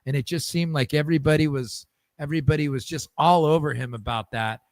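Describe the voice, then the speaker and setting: A man hosting a casual podcast, his voice sitting a little high. He tells stories eagerly, stumbling over restarts and repeated words. The sound is dry and close. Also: fast talker, dry recording. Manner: lively storyteller, many restarts and repeated words. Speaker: podcast host. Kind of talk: casual chat.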